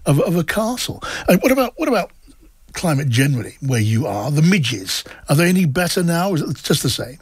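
A man's voice: fairly high pitch, sing-song, a little fast, slightly rough, dry recording. A man with a southern English accent hosting a radio talk interview, genial and prone to repeating words as he searches for them. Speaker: radio presenter.

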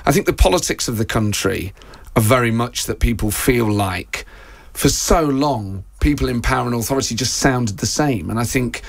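A man talking as a guest in an animated, chatty discussion, quick to laugh. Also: mid-range voice, vocal fry. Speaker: guest, football podcaster. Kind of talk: casual discussion.

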